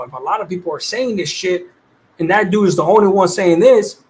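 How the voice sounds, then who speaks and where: Livestream host, high-pitched man, casual slang-heavy chat with viewers. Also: a little fast. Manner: streetwise slang, loose and laughing.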